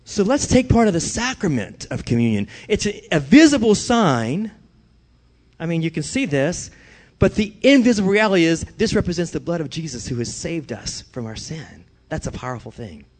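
Man, high voice, middle-aged pastor, sermon, conversational, emphatic bursts. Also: sing-song, normal speed, darkish tone. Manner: conversational, rising to emphatic declarations.

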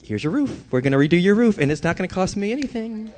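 A man with a notably high voice delivers a sermon to his congregation. He is middle-aged and talks in a loose, conversational way, then swells into emphatic declarations to drive his points home. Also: very animated, fast talker, darkish tone, a little hiss or hum. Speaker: pastor.

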